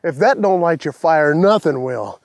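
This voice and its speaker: Lively high-voiced man, fishing host. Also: moderate pace, no room sound. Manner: whoops and laughs, talks to the fish and the folks at home. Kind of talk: excited on-the-water fishing commentary. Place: outdoors on a boat on a lake.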